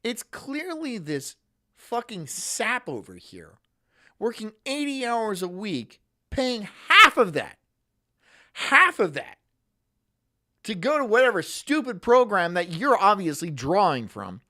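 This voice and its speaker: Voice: mid-range voice, very animated, slow pace, sharp tone. A streamer delivering a sarcastic, profane ranting monologue on a live stream, full of mocking asides.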